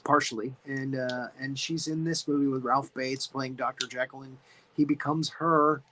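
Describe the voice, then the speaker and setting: Bright-voiced chatty man. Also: medium pitch, steady tone, moderate pace, slight background noise. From Florida. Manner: chatty, trivia-loving. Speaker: podcast co-host. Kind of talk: casual chat.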